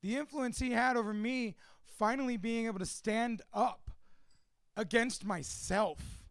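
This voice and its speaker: A man's voice: extremely high pitch, steady tone, measured pace, clean tone, no room sound, clean studio sound. A man from a Cuban family, a father of two, telling his life story in a candid, profane, emotional monologue. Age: adult with two children.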